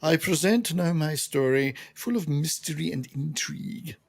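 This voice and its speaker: A grand, weary immortal head declaiming in a pompous English accent, as a man puts it on. He speaks in slow, self-important proclamations, with a slightly gravelly edge to the voice. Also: fairly high pitch, expressive. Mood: grandiose. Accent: English, put on.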